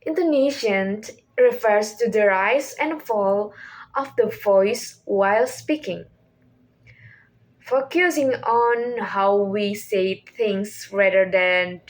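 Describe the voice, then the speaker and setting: A woman's voice: mid-range voice, lively intonation, slow pace. A young woman whose first language is Indonesian, reading a class presentation from a script as questions and answers, with small restarts. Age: young adult. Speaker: student presenter.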